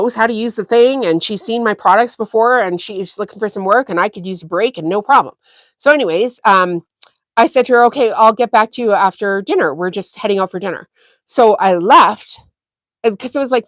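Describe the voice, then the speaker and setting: A woman's voice: mid-range voice, no room sound. A chatty woman hosts a casual sewing livestream, spinning a story with plenty of fillers. She acts out quoted dialogue with animation, and her voice sounds close and dry. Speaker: sewing channel host.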